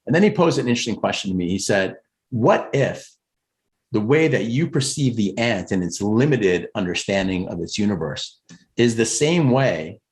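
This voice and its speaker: Man, from the US, life coach, casual spiritual talk, earnest, pitch jumps up on key words. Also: animated, moderate pace. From United States. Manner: earnest, conversational, emphatic rises in pitch. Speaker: career coach. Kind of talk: motivational spiritual talk on a group call.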